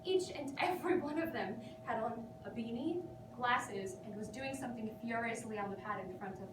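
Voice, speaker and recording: Woman acting as a neurotic rambling young woman, giggly, dramatic, high voice, echoey room. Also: a little fast, lightly acted. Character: neurotic, self-absorbed young woman venting to her therapist. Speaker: actor performing a monologue. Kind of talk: theatrical comic monologue. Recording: echoey room, distant mic, background noise.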